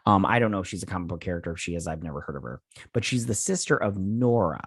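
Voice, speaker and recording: A man's voice: low-pitched, lively intonation, fast, breathy edge, no room sound, clean studio sound. A man hosting a casual TV episode recap and review, rambling with lots of fillers and sounding exasperated. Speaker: TV review host.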